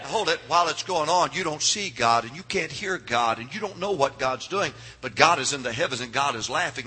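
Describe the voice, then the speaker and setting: Shouting middle-aged preacher, bright husky voice. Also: male voice. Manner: swings from low murmurs to shouted climaxes; calls for audience response. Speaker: pastor. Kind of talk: fiery revival sermon.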